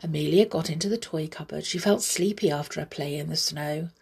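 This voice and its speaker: A woman's voice: sits low, a little fast, gravelly, darkish tone, slightly rough. A woman reading a children's story aloud, a mother, adding chatty hesitant asides afterwards. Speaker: storyteller, parent.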